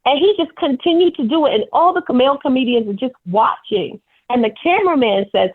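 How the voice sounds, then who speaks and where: A woman comedian calling in as a guest, candidly telling animated stories about her work. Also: high-pitched, a little fast, slightly rough. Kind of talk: phone interview storytelling. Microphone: telephone. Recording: tinny phone line.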